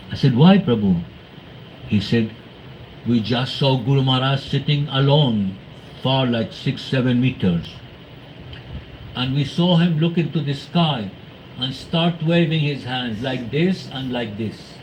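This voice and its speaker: A man speaking to a devotional gathering, telling anecdotes in an animated way, acting out quoted voices and laughing often. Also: medium pitch, a little slow, muffled recording, slight background noise. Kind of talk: storytelling talk to a congregation.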